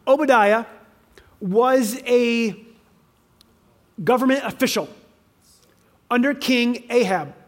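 A man delivers a conversational sermon in a fairly high voice. He speaks plainly and directly, with the odd restart. He acts out the people in his stories with quick changes of voice. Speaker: teacher on faith and parenting.

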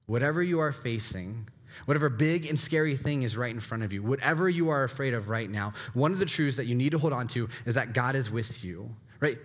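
A man's voice: mid-range voice, expressive, moderate pace, a bit bright. A man preaching a sermon as a pastor, earnest and repetitive, often checking in with a questioning "right?". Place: church sanctuary. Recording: long hall reverb.

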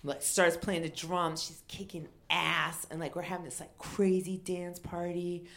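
A middle-aged woman comedian telling a funny story, animated and acting out other people with loud exclamations. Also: fairly low pitch, measured pace. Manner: animated, acts out quotes with shouted exclamations.

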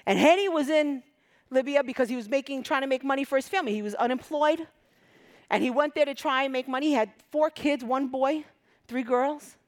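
A woman from Egypt preaching a sermon with passion, dropping to hushed whispers and rising to loud emphatic peaks. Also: high-pitched, a little fast.

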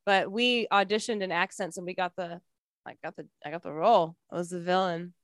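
A woman's voice: on the low side, fairly even intonation, fairly quick, fairly bright tone, no echo, studio quality. Chatty woman from Michigan, podcast guest. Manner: laughs often, chatty storyteller. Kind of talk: casual chat.

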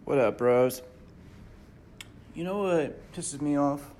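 A man's voice: fairly high pitch, slow, darkish tone, slight background noise. A man leaving a ranting voice message, irritated and swearing. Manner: irritated, profane rant. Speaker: league member sending a voice message.

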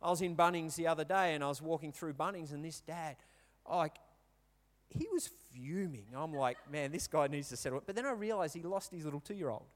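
A man's voice: a little high, fairly quick. A man in his thirties with an Australian accent, giving a chatty sermon full of stories and questions to the congregation. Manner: chatty, storytelling, asks the crowd questions. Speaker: pastor. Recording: reverberant hall.

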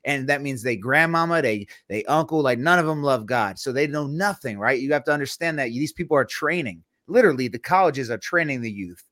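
A young man hosting a casual Christian podcast, joking and animated, with preachy asides. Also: mid-range voice, brisk, hardly any pauses, dry recording, clean studio sound. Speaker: podcast host. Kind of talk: casual chat.

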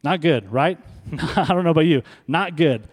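A man preaching a sermon as pastor, stressing and repeating key words and slowing down for emphasis, speaking in a church sanctuary. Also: on the high side, expressive. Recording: long hall reverb.

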